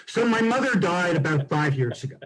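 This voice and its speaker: Brief: male stand-up comic, high voice, chatty self-mocking storytelling, video call with loud laughter behind. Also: lively intonation, a little fast, a loud crowd, poor audio. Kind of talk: stand-up comedy set over a video call. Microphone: video call mic.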